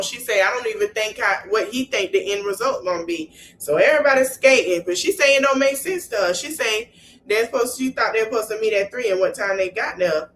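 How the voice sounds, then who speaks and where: A woman's voice: medium pitch, a little hiss or hum, rough recording. A woman podcast host giving a casual recap, retelling scenes in a he-said-she-said way with slangy asides to her listeners. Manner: animated storytelling, retelling scenes in he-say-she-say fashion.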